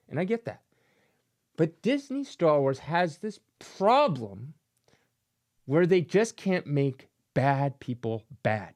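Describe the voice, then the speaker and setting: A man's voice: fairly high pitch, very animated, takes it slowly. A man hosting his own channel, giving a casual, sarcastic opinion rant and mocking things with silly voices. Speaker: comic collector channel host.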